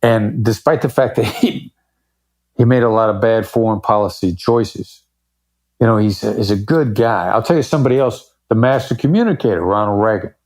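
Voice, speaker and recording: A man's voice: lowish voice, moderate pace, a little mellow. A man speaking as a guest in a podcast interview, explaining his points emphatically and varying his pace for effect. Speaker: podcast guest, negotiation expert. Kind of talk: conversational interview.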